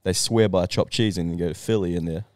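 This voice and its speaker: A man's voice: low voice, fairly even intonation, fast talker, dry recording. A man on a casual podcast, curious and asking questions, often restarting his sentences. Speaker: podcast co-host. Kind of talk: casual chat.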